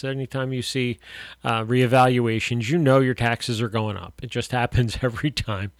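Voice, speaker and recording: A man preaching as a radio pastor, folksy and rambling, slowing down to stretch words for emphasis. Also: mid-range voice, fairly even intonation, no room sound. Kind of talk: radio sermon.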